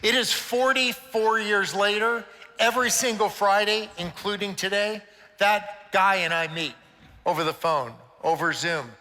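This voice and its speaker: A man's voice: high-pitched, unhurried, pushed and bright. An older man giving an inspirational talk to a conference of church leaders, a playful, joking storyteller. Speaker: conference speaker. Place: conference stage in a large hall. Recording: long reverb of a large hall.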